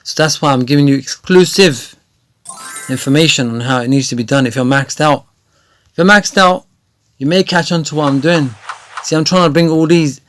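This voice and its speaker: A man giving chatty, rambling gameplay tutorial commentary that often turns excited. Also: a little high, normal speed. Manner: chatty, rambling with many fillers, grows excited. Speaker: gaming video creator.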